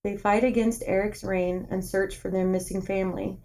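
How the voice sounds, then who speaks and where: A woman's voice: medium pitch, level tone, normal speed, mellow, close to an everyday voice. Young girl, grateful and pleading, read by a woman.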